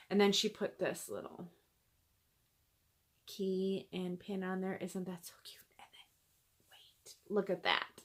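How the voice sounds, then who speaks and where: A woman hosting a cross-stitch video, chatting casually and gushing over gifts, with lots of fillers and soft asides. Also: medium pitch, a little slow, long pauses. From American Midwest. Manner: gushing, chatty, many fillers, drops to near-whispers. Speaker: Flosstube host showing gifts. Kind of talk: casual chat to camera.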